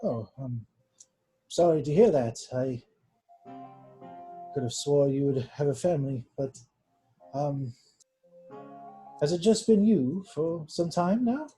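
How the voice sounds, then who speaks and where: A man playing his character in a tabletop game, earnest and formal, often halting. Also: on the high side, animated, warm tone, soft background music, low-quality recording. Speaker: player. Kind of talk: in-character tabletop role-play.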